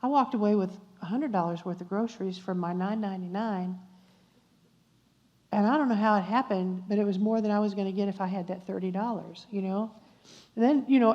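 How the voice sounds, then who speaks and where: An older woman with a drawl recounts a testimony, slipping into the voices of the people in her story. Her tone is dark and mellow, heard through a slightly dull recording with a long reverb from the hall around her. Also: medium pitch. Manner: animated storyteller acting out dialogue, warm asides to audience. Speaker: guest speaker at a church luncheon. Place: church luncheon hall.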